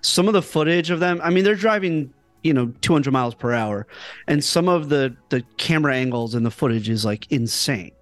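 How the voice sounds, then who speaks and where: A man talks on a casual podcast, rambling through fillers and tossing out playful trash talk. His voice is a little high, recorded dry and close, with faint music in the background. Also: expressive, a little fast, no echo. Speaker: podcast co-host. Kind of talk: casual chat.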